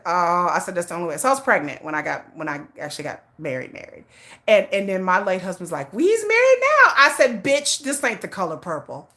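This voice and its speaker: Lively bright-voiced woman telling a story. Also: medium pitch. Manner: blunt, laughing, animated storytelling with sassy quoted voices. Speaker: livestream host. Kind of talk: casual storytelling chat.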